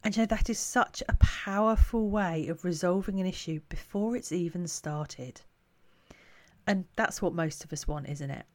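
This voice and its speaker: A woman who coaches parents, talking to camera in a calm, reflective, conversational way. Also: lowish voice, moderate pace.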